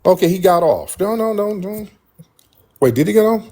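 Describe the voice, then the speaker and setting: A male livestream host grilling a caller, pressing the same sharp questions again and again. His voice sits a bit high and swings animatedly, with a husky grain. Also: expressive, normal speed. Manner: combative, repeats pointed questions. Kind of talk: confrontational call-in debate.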